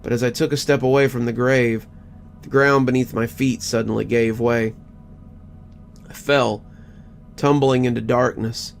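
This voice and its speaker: A man narrating a first-person horror story in a measured, scripted way. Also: medium pitch, fairly even intonation, vocal fry, a little hiss or hum. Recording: faint background music.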